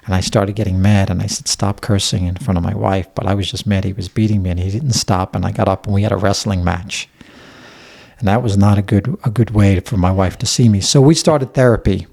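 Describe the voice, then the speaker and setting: A man's voice: fairly low pitch, gravelly, warm tone. A man from Staten Island, talking bluntly and candidly as a guest in a casual interview, with frequent swearing. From Staten Island, New York. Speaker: podcast guest.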